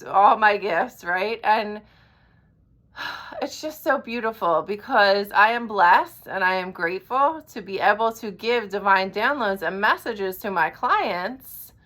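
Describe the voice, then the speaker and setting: A woman's voice: medium pitch, bright, forceful tone. A woman life coach giving an earnest talk, checking in with listeners after each point and swearing now and then. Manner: blunt, swears casually. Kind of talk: direct-to-camera coaching talk.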